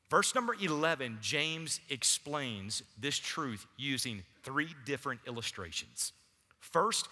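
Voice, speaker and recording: A male pastor, preaching a sermon in a church and chatting casually with the congregation. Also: sits high. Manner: animated preaching with audience asides. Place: church sanctuary. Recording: long church hall reverb.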